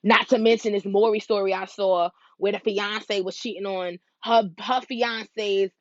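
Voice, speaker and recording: A young woman in her twenties chats through a solo podcast episode, spinning stories with slang and quick asides to her listeners. Her voice sits at an ordinary middle pitch. The recording is dry and close, with a slightly muffled top end. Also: fairly even intonation, dry recording. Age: 20s. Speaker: podcast host. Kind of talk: casual solo podcast chat.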